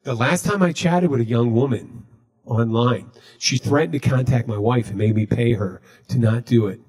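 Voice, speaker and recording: Husky-voiced man telling a deadpan story. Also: medium pitch, normal speed. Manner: deadpan, recounting jokes he told. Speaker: podcast host. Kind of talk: casual storytelling chat.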